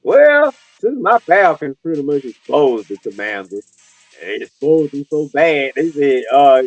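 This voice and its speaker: A man co-hosting a casual sports talk show over a video call, talking in loose slang and swinging from a low mutter to excited rants. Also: measured pace, no echo, lo-fi sound, faint music behind. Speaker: co-host.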